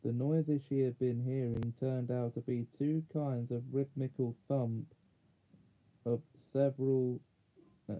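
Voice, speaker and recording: A man reading a children's fantasy chapter aloud in steady storybook narration. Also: mid-range voice, unhurried. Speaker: audiobook reader. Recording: narrow phone-like sound.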